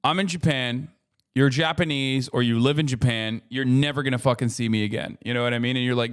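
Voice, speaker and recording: A man's voice: medium pitch, steady tone, a little fast, clear, resonant tone. A man in his thirties streaming a casual reaction commentary, rambling and swearing freely with joking asides.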